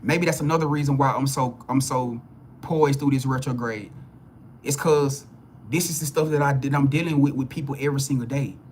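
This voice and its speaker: A man's voice: medium pitch, steady tone, fairly quick, darkish tone, a little hiss or hum. A man giving a live spiritual reading to viewers, blunt and preachy, swearing freely and repeating himself as he builds emphasis. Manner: repeats words and restarts phrases when heated. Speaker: spiritual reader.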